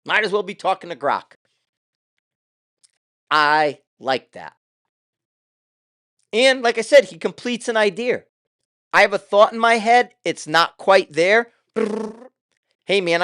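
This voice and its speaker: Older guy rambling on his own show, swears a lot, smooth voice, dry close sound. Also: high voice, fairly bright tone, dry recording. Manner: loose, profane, talks in asides. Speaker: show host. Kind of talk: casual rambling monologue.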